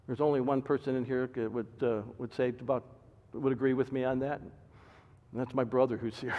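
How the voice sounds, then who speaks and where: An older man, a pastor, preaching a sermon with sudden loud emphatic bursts and soft asides. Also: medium pitch, normal speed. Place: church sanctuary. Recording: dull reverberant church recording.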